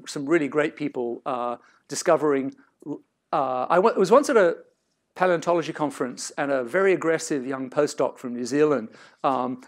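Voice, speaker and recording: A middle-aged man lecturing at an academic seminar in a fairly high voice. He talks in a discursive, hedging way, often cutting himself off and rephrasing before landing his point. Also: gravelly, a bit bright. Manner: discursive, self-interrupting, hedged.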